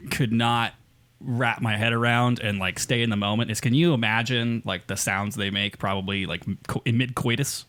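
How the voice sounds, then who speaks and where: A man's voice: mid-range voice, fairly even intonation, normal speed, fairly bright tone. Give me a crude, joking podcast co-host, a man. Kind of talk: casual chat.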